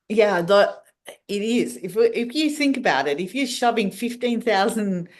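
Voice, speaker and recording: A woman guest on a podcast, talking in a meandering, casual way with many restarts. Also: fairly low pitch. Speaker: podcast guest, wellness practitioner. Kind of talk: casual interview talk.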